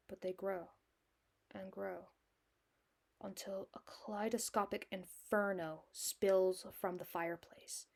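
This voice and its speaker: A woman's voice: medium pitch, darkish tone. Irish woman narrating a solo game. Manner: chatty, self-mocking asides.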